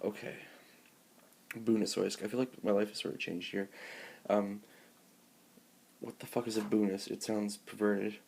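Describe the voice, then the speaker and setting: Gravelly-voiced man ranting sarcastically. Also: fairly low pitch, flat delivery, normal speed, pauses often, a little mellow, slight background noise. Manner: exasperated, sarcastic, profane. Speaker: vlogger. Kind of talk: rambling unboxing rant. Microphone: handheld camera.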